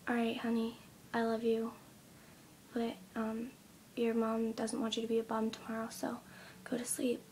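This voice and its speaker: A young woman in her teens retelling a story in a casual vlog, speaking softly and often near a whisper, with many ums. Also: a little high, completely flat delivery, moderate pace, a little hiss or hum. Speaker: vlogger.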